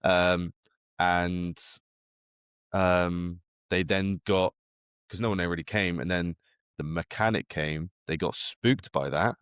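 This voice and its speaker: Deep-voiced man chatting casually. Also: steady tone, takes it slowly, fairly bright tone, clean tone, no echo, clean studio sound. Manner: rambling, speculative, full of restarts. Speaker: podcast co-host. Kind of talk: casual chat.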